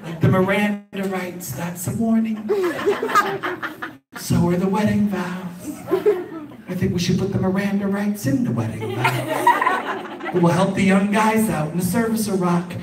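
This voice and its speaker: A man doing a stand-up comedy set, working the crowd with an animated delivery at a live show. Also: sits high, a little slow, long pauses, recorded from a distance. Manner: animated, crowd work with audience. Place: live venue with audience. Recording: live show, roomy with loud audience. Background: crowd laughter and noise.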